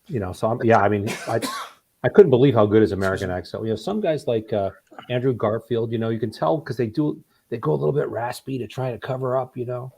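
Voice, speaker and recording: A man's voice: mid-range voice, fast talker, creaky, darkish tone, slightly rough. A man chatting casually on a video call with friends, telling rambling stories. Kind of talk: casual chat.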